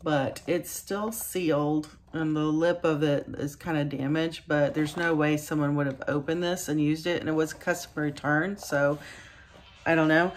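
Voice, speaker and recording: A woman's voice: deep voice, steady tone, normal speed, a little hiss or hum. A woman who resells items part-time, chatting casually and upbeat to her viewers as she shows what she sold, with a self-deprecating streak.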